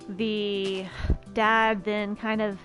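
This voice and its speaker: A woman's voice: mid-range voice, level tone, drawn-out words, fairly bright tone, soft background music. A woman streamer telling a casual personal story, chatty and emphatic, often restarting her sentences.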